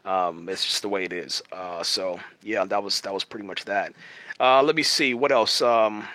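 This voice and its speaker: A man's voice: lowish voice, normal speed, pushed and bright, no echo. A man giving casual, rambling commentary on a TV series, full of fillers and restarts, tagging sentences with "man". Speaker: video host reviewing a TV series. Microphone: home streaming setup.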